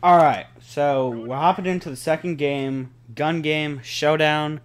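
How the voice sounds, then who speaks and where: A young man giving live gameplay commentary, excitable, cursing often and pleading with the game. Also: a little high, a little slow. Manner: excitable, swears a lot, pleads and groans at the game. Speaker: gaming channel host.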